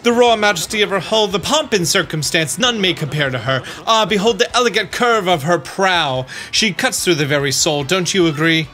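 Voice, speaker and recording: A man's voice: high-pitched, lively intonation, normal speed, hardly any pauses, bright, forceful tone. A man voicing a flamboyant, self-important sailor-merchant in a vague mixed foreign accent, speaking in a theatrical, grandiose way. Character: pompous flamboyant male sailor-merchant braggart.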